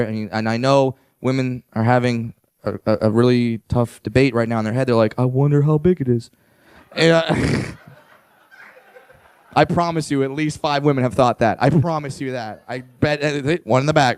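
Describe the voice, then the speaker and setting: On stage at a comedy club, a stand-up comedian with a clear, resonant, medium-pitched voice works the crowd, crudely and brashly poking fun at people in the audience. It's a dry recording.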